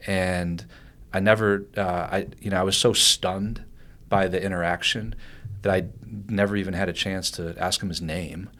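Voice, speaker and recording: A man telling a personal story as a podcast guest, animated and rambling, with many restarts and fillers. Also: low-pitched, normal speed.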